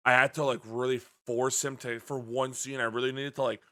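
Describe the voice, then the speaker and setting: A man doing an impression of a famous male action star, speaking in a slow, pompous way full of fumbling boasts. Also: medium pitch, flat delivery, pushed and bright, lightly acted.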